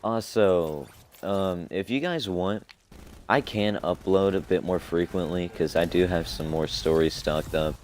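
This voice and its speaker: A man's voice: deep voice, a little slow, a little mellow, slight background noise. A young man telling a rambling, profane story in a casual, laid-back way as a streamer. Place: home streaming setup.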